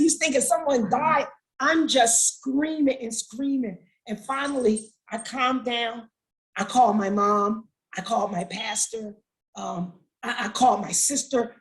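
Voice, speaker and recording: Her voice fairly high and her speed normal, a middle-aged woman describes her son's incarceration as an interview guest. She retells it with emotion and animation, acting out the conversations, over a low-quality recording.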